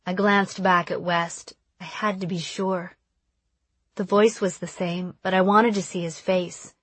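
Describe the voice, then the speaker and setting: A woman narrates a first-person novel in a soft, measured, inward tone. Her voice sits a little low, and the close studio recording is dry. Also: steady tone, husky, no echo. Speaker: audiobook narrator.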